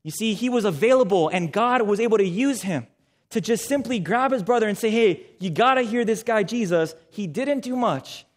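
A man's voice: high voice, animated, normal speed. A young man preaching a sermon, engaging the audience with questions and calls for responses.

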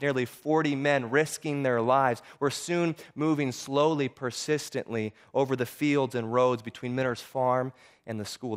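A man's voice: medium pitch, clear, resonant tone. A man narrating a true-life story in an earnest way, now and then stumbling and repeating words.

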